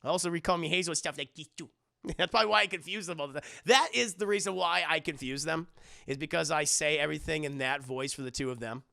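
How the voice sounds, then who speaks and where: A man's voice: on the high side, creaky, dry recording, clean studio sound. A man with a daughter, live-streaming, reading chat aloud and joking around in casual talk. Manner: joking, animated, quick impressions.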